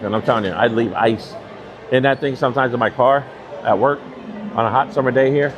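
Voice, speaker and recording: A man's voice: medium pitch, steady tone, fairly quick, dull audio. A man with a New York accent chatting casually on a live stream, rambling and chuckling as he rides through a busy theme park. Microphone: handheld phone while riding a mobility scooter. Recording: noisy crowd and loud music. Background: crowd chatter and park music.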